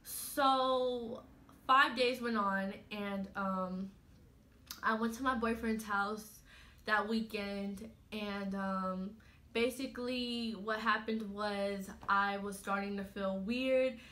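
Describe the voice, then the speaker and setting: A teenage girl talks straight to her viewers in a loose, chatty storytelling voice that keeps circling back with "you know." Her tone is bright and forward, sitting at an ordinary middle pitch for a young woman. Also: steady tone, takes it slowly. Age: late teens. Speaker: vlogger. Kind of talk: casual storytelling to camera.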